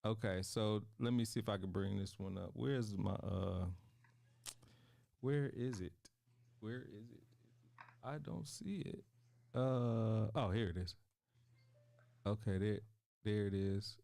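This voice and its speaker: A man hosting a casual talk show interview, playful and animated, laughing often and talking straight to his viewers. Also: on the low side, takes it slowly, vocal fry, pauses often, no room sound.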